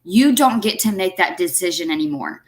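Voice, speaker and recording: A woman's voice: on the low side, lively intonation, moderate pace. A woman host, emphatically and indignantly commenting on a clip. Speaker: reaction video host.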